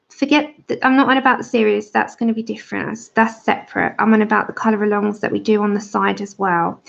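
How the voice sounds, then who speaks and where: Gravelly woman chatting on a stream. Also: a little high. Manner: chatty, greets viewers by name while colouring. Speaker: livestream host of a colouring channel. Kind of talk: casual livestream chat. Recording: dull lo-fi stream audio.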